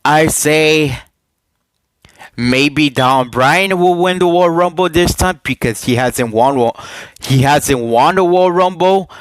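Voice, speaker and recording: A man speaks into a headset mic in a casual home vlog, at a slow, unhurried pace. He talks in halting bursts, repeats words and throws questions at his viewers. The sound is dry and close. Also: fairly high pitch, no echo, poor audio. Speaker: YouTuber giving wrestling predictions.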